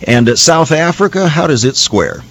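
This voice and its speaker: A man's voice: a little high, sing-song, moderate pace, a bit bright. A man from the United States hosting a Christian radio talk show, earnest and preacherly, with frequent "uh" fillers.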